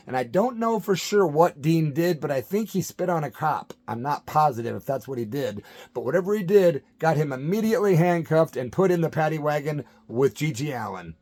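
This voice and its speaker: A middle-aged man hosting his channel, telling a story in an animated, hyper way and acting out the quotes. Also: a little high, fairly quick. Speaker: channel host. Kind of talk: storytelling monologue.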